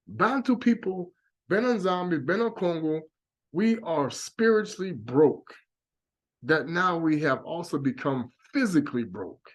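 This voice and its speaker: A man giving an impassioned religious monologue, emphatic and preachy, repeating his warnings again and again. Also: high voice. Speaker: religious speaker.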